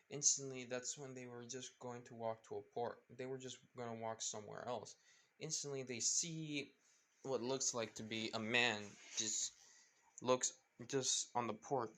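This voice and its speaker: A man's voice: mid-range voice, steady tone, measured pace, fairly bright tone. A man improvising a fan-fiction story, rambling and hesitant with frequent restarts.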